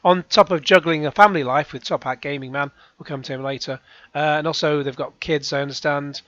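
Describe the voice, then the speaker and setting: A man's voice: fairly high pitch, fairly even intonation, a little fast, fairly bright tone, no echo, muffled recording. A man giving rambling, sarcastic commentary as a YouTube reaction host. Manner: rambling, sarcastic, with frequent sighs and restarts.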